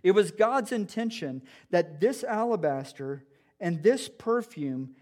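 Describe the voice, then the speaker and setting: High-voiced, earnest male preacher. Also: expressive, takes it slowly, darkish tone. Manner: earnest, emphatic, with frequent restarts. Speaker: pastor. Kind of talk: sermon.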